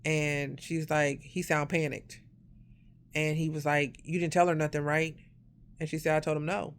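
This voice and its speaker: A woman telling a personal story in a casual storytime monologue, acting out the quoted voices and growing loud and sharp when indignant. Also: low voice, level tone, normal speed.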